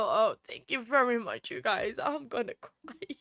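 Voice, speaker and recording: Teary lady streamer chatting to viewers, laughing a lot, kinda high voice, dry sound. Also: big pitch swings, measured pace, hardly any pauses, a bit bright, no room sound. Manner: gushing, thanking viewers, laughing between phrases. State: tearful. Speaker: livestream host. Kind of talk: casual livestream chat.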